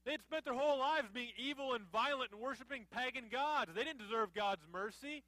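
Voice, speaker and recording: High, bright-voiced male preacher. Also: no room sound, rough recording. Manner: conversational preaching with rhetorical questions. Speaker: pastor. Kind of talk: sermon.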